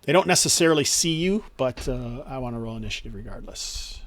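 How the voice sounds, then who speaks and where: A man's voice: medium pitch, lively intonation, brisk, no echo. Easygoing man running a tabletop game. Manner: easygoing, chuckling, explaining rules. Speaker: game master.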